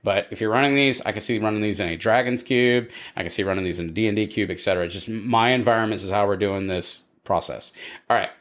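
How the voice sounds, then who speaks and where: A man's voice: on the low side, fairly bright tone. A man co-hosting a podcast, giving opinionated takes on cards and reading their text aloud. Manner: opinionated, reads card text with pauses. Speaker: podcast co-host. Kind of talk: casual podcast chat.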